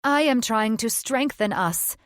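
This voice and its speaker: A woman's voice: mid-range voice, moderate pace, darkish tone, no room sound, clean studio sound, voice pushed up, natural voice. A woman voicing a conflicted nameless witch who speaks in a tense, pleading way.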